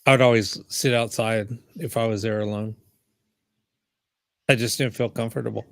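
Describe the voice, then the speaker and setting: A man's voice: lowish voice, fairly even intonation, moderate pace, gravelly, a bit bright, dry recording, clean studio sound. A male host in casual chat, laid-back, laughing a little as he tells a story. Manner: laid-back, laughs while telling stories.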